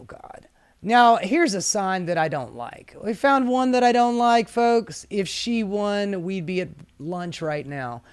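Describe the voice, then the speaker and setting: Slow-talking sassy political commentator. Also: medium pitch, smooth. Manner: sassy, profane, laughs often. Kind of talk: casual commentary reading protest signs aloud.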